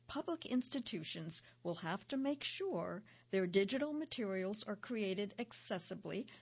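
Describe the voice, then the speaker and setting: Woman radio news reporter, husky tone, measured scripted read, dull lo-fi sound. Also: a little high.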